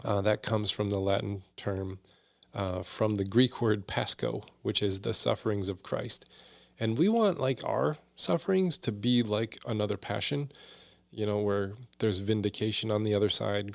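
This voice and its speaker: Low gravelly man teaching casually. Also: no echo. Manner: conversational and candid, with frequent fillers and asides. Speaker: podcast guest teaching Bible study.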